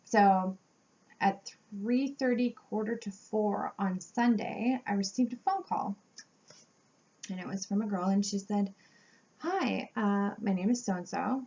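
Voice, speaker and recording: A woman vlogger tells a personal story straight to the camera, animated and chatty. She jumps into the voices of the people in her tale as she goes. Her voice sits at an everyday middle pitch, and the home-video sound is a little dull. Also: measured pace. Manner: animated storytelling, acting out quotes with laughs. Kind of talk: storytime vlog.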